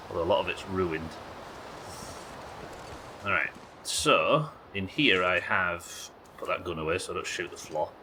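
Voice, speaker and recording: Deep-voiced British man streaming a game. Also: unhurried, pauses often, pushed and bright, a little hiss or hum, rough recording. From United Kingdom. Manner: chatty, joking, swearing. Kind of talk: casual gameplay commentary.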